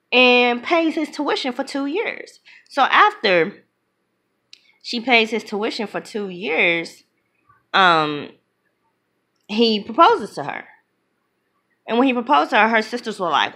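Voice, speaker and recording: Animated woman retelling a movie plot. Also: on the high side. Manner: animated, acts out characters' lines in quick voices; blunt, opinionated commentary. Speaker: movie reviewer.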